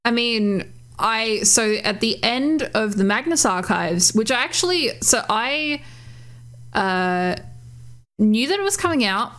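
A woman co-hosting a podcast in casual chat, animated, swearing and laughing as she acts out quotes. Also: medium pitch. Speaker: podcast co-host.

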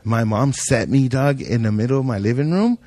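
A man's voice: medium pitch, expressive, fairly quick, warm tone, no echo. Slangy, profane storytelling man. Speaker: podcast guest. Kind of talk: casual storytelling chat.

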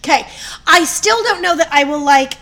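A woman in her thirties co-hosting a podcast, chatting excitably and gushing. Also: high voice, normal speed, creaky. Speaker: podcast co-host. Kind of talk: casual chat.

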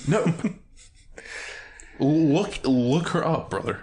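A young man from Maryland co-hosting a podcast in casual chat, swearing a lot and jumping up in pitch when excited. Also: extremely slow. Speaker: podcast co-host.

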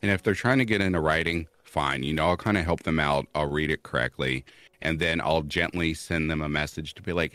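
Deep-voiced man from Kentucky chatting. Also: fairly quick, a bit bright, no echo. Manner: reads chat comments aloud, laughs often. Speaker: narrator and stream guest. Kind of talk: casual chat.

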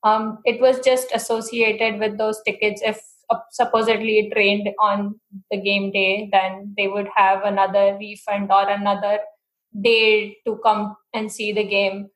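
A woman's voice: medium pitch, level tone, a little slow, a bit bright, roomy sound. A woman from India co-hosting a podcast, chatting casually and giggling often. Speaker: podcast co-host. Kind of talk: casual chat.

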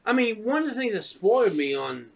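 A man co-hosting a casual podcast chat, telling stories full of swearing and acting out his own shouting. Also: sits high, a little fast, a little hiss or hum. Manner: profane, animated storytelling, acts out shouting. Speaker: podcast co-host.

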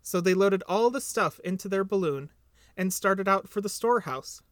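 Male podcast reader, gentle storybook narration, dry close sound. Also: high voice, animated, moderate pace, no echo. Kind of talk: storybook reading.

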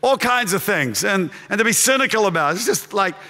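A middle-aged man preaching a sermon as a pastor, impassioned, swinging from shouts to hushed storytelling. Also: high voice, lively intonation, fairly quick. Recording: long hall reverb.

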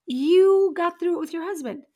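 A woman's voice: very high-pitched, moderate pace, darkish tone. A middle-aged woman with a frank, blunt manner, hosting a casual relationship advice chat. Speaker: podcast host and relationship coach.

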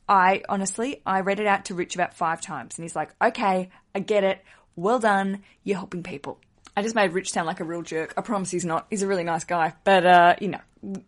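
A chatty woman hosts a casual solo podcast in a mid-range voice. She giggles often and teases herself as she talks straight to her listeners. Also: medium pitch. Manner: chatty, giggly, self-deprecating. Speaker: podcast host.

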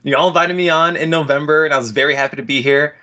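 Bright, chatty man as guest. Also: a little high, fairly even intonation, fast talker, dull audio. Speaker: podcast guest. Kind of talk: casual podcast chat.

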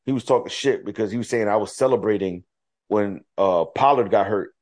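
A man with a lowish voice talks briskly while co-hosting a casual podcast. He tells animated stories packed with swearing and quoted back-and-forth exchanges.

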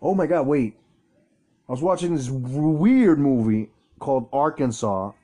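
A man co-hosting a casual chat show, with a mellow, warm tone. He rambles playfully and teases his co-host. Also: mid-range voice, animated, unhurried. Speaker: podcast co-host.

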